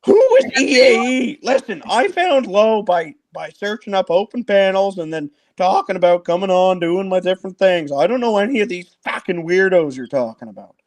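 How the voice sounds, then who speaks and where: A man's voice: high voice, animated, normal speed, few pauses. A man, a stand-up comedian guest on a live panel, talking brashly and swearing freely. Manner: brash, profane, blunt. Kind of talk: casual panel banter.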